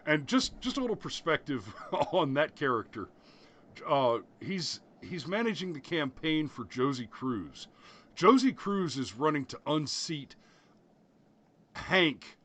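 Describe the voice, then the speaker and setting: A man's voice: a little high, sing-song, slow pace, fairly bright tone. A man hosting a podcast, telling rambling stories in a casual chat and laughing at his own jokes. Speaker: podcast host.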